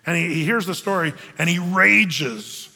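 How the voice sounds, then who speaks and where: A pastor with a fairly high, husky voice and vocal fry preaches a little slowly. His sermon is conversational and animated, with the people he quotes acted out, echoing with a large hall's long reverb.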